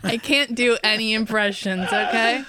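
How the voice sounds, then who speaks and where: A woman's voice: fairly high pitch, normal speed, noisy background. A woman co-hosting a casual, tipsy chat, giggly, loose and unfiltered, swearing freely. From New York State. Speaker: podcast co-host.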